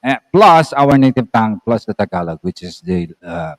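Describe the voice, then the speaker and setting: A man's voice: mid-range voice, sing-song, normal speed, creaky, no room sound, low-quality recording. A man from the Philippines with a Filipino accent, explaining words in a casual conversation and often repeating himself with many filler words. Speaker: guest explaining Filipino languages.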